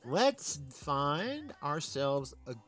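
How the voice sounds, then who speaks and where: A man's voice: a little high, sing-song, very slow, fairly bright tone, faint music behind. A man hosting a live stream, chatting casually with rambling fillers. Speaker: stream host. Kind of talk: casual commentary.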